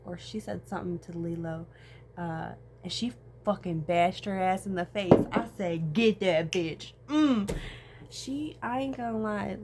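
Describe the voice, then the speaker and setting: A woman's voice: mid-range voice, a little mellow. Rambling, tearful young woman vlogging. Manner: rambling, swearing, voice swings between tearful and laughing. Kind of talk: emotional personal vlog. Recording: faint background noise.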